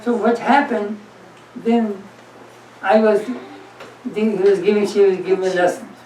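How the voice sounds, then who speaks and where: A man's voice: high voice, fairly even intonation, a little slow, darkish tone, a little hiss or hum. A man, a monk, telling humorous anecdotes in a talk to an audience, often laughing. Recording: echoey room, mic far off.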